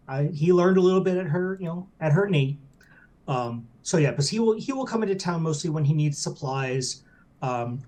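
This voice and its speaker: Relaxed hesitant male tabletop player. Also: fairly high pitch. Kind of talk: casual chat describing a character.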